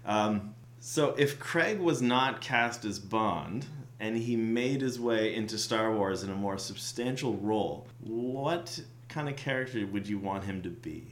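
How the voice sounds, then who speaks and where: A man co-hosting a casual chat, with a joking, halting manner. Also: on the low side, expressive, roomy sound. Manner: jokey, halting with restarts. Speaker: podcast co-host.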